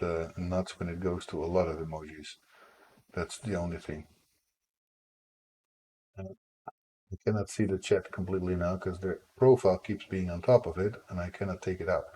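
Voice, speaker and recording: A man's voice: low-pitched, moderate pace, dark tone. A man developing a game live on stream, chatting in a rambling, playful way with his viewers. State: tickle in the throat. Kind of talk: casual live-stream chat.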